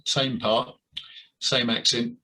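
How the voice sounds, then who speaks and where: An older man being interviewed about his years in amateur theatre, talking with many pauses, fillers and restarts. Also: mid-range voice, flat delivery, pushed and bright, rough recording. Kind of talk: reminiscing interview.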